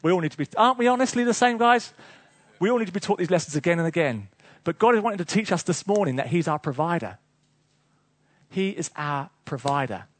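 A man's voice: high-pitched, expressive, quick pace, no room sound. A man preaching a sermon to a congregation, telling stories with chuckles and asides.

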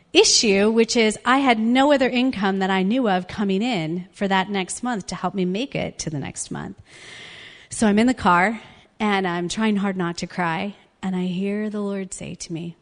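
A woman's voice: medium pitch, big-room sound. A woman giving a personal testimony sermon as a guest speaker, telling her story in an earnest, conversational way.

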